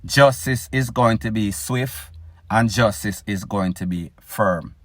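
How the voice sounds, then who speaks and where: A Jamaican man hosting a news commentary show, speaking slowly and deliberately with an opinionated edge. He talks straight to his listeners. His voice is dry and close to the mic, with no room sound. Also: on the low side, no echo. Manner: opinionated, addresses listeners as "people". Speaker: news blogger host.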